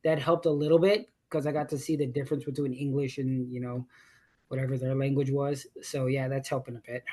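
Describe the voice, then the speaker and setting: A man student in a seminar, speaking haltingly and with self-deprecation about reading aloud. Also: mid-range voice, flat delivery, mellow. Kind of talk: seminar discussion.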